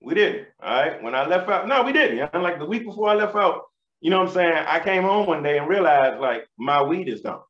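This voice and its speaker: A man in his thirties doing stand-up comedy, telling animated, profane stories in street slang. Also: a little high, a little fast. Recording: roomy, slightly dull live recording.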